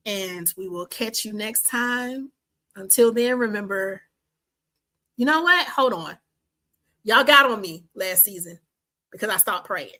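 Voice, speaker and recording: A woman's voice: mid-range voice, sharp tone, rough recording. A woman in her fifties hosting a faith-based podcast, talking enthusiastically and praying like a preacher. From Washington, D.C. and the Carolinas. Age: 50s. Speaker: podcast host. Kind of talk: podcast outro with prayer.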